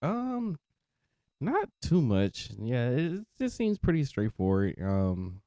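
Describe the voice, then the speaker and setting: A man's voice: mid-range voice, wildly swooping pitch, slow, dark tone, no echo. A young man co-hosting a podcast in a loose casual chat, trailing off, restarting and laughing often. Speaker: podcast co-host.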